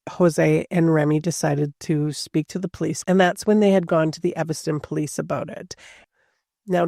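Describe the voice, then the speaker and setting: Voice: medium pitch, vocal fry, darkish tone, no echo, clean studio sound. A podcast host telling a true-crime story casually, with chatty asides and a lot of "like".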